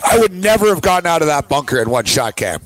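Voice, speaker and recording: Excitable man telling a sports story. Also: fairly high pitch, quick pace, poor audio. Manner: excited play-by-play storytelling with laughs. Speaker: sports radio co-host. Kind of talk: casual sports talk.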